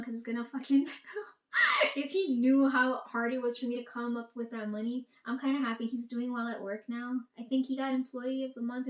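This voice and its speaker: A woman in a casual, profane monologue, ranting and quoting herself and her family. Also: on the high side. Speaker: vlogger. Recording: echoey room.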